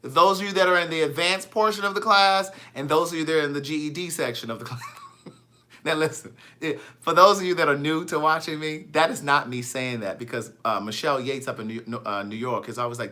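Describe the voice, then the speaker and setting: Animated, bright-voiced man chatting live. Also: fairly high pitch. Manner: animated, greets viewers by name, spells things out slowly. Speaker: author hosting a live stream. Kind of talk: casual live-stream chat with viewers.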